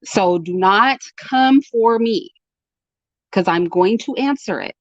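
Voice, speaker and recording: A woman's voice: medium pitch, expressive, takes it slowly, no echo, dull audio. A woman, hosting her own commentary channel and speaking to her audience with emphatic, repeated warnings. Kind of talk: direct-to-camera commentary.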